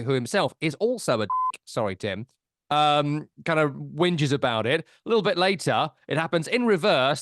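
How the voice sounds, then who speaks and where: A man's voice: a little high, fairly bright tone, no echo. A man co-hosting a casual football podcast, recounting events with a dry, wry delivery. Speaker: podcast co-host.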